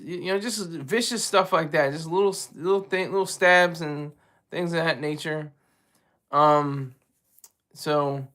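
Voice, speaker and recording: High bright-voiced man, halting commentary. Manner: halting, rambling, heavy on fillers; chuckles often while talking. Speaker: show host. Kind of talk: solo political commentary.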